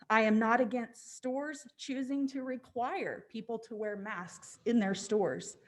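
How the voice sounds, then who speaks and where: A woman giving a prepared public comment at a city council meeting, firmly stating objections one after another, a little short of breath. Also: medium pitch. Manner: firm, repeated "I am against" statements.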